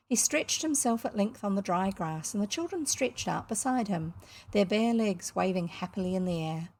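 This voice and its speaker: A woman with a New Zealand accent reading a storybook aloud, gently stopping to explain words to young listeners. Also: medium pitch, expressive, normal speed.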